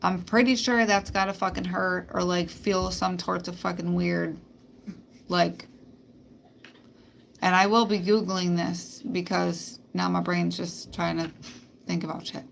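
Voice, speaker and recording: A woman's voice: on the low side, level tone, measured pace, creaky, a little hiss or hum. A woman hosting a spiritual live stream, talking bluntly and emphatically with plenty of swearing. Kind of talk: casual live-stream monologue.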